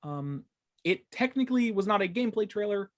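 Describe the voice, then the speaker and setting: Rambling podcast host who trips on words. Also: male voice, high voice, lively intonation, a little fast. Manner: stumbles over words, swears in frustration; rambling with many fillers. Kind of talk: casual gaming podcast chat.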